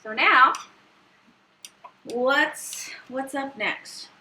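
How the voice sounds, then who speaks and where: A woman's voice: sits high, very slow, sharp tone, slight background noise, rough recording. A young woman hosting a home baking livestream from her kitchen, chatty and bubbly, laughing easily. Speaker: home cooking livestream host. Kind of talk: casual livestream chat.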